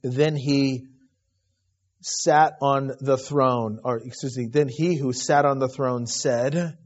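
A middle-aged man preaching a sermon as a pastor, emotional, dropping to a hush and then rising loud. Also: medium pitch, fairly even intonation, takes it slowly. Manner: emotional, swinging from hushed to loud. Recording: dull lo-fi recording.

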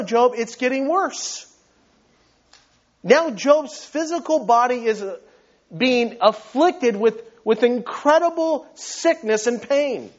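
Pastor guy preaching, pretty high voice, emphatic, keeps repeating himself. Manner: earnest and emphatic, repeating words as he builds. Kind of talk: sermon. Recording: dull lo-fi recording.

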